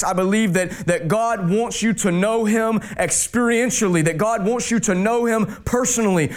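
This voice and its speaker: A man pastor preaching a sermon, dropping his voice low and slow on key words for emphasis.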